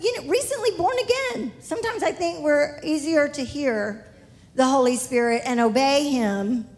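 A woman preaching and telling a story, animated and laughing often. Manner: animated, laughing often, rising high when excited. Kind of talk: sermon storytelling.

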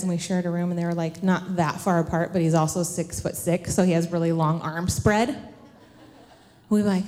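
A chatty woman in her thirties, speaking to a church class at an even middle pitch. She jokes about herself and keeps asking the room questions. Her voice carries a long reverb from a large hall. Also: fairly quick, a little hiss or hum. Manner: chatty, humorous, self-deprecating, asks the audience questions. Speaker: women's class teacher. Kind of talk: casual storytelling talk to a church class. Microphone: handheld microphone.

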